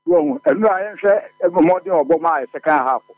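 A Ghanaian man calls in with a gravelly, somewhat raised voice to pick apart a match. The tinny, dry phone line thins him out, and his tone stays lively and opinionated. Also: sits high, moderate pace, no echo, faint music behind. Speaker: caller.

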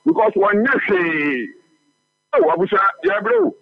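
A man with a Ghanaian accent calling a sports radio show, talking in an animated, flowing way over a dry, tinny phone line. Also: high voice, a little slow, vocal fry, a crowd in the background. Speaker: caller.

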